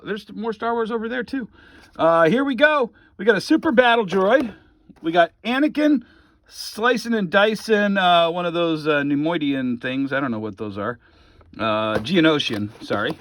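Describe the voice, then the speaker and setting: In a casual store walkthrough video, a man who runs a comic shop strolls through his merchandise, reading off prices with offhand jokes and asides. His voice sits on the high side and sounds a bit bright.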